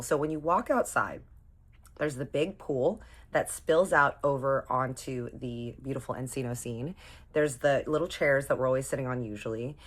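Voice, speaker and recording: Young woman, strikingly low voice, chatty slang-heavy storyteller with sassy asides. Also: a bit bright. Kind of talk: casual storytime vlog.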